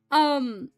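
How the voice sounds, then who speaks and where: A young woman streaming, chatting casually and rambling with lots of fillers and frequent laughs. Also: high voice. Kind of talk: casual livestream chat.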